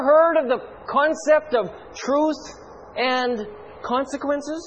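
A man preaching a sermon in an animated, rhetorical way with playful asides. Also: extremely high pitch, a little slow, lo-fi sound, slight background noise.

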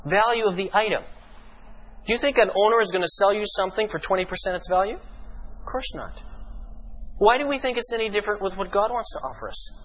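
A man preaching a sermon as pastor, emphatic and full of rhetorical questions, slowing down for dramatic pauses. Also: sits high, steady tone, fairly bright tone, dull audio.

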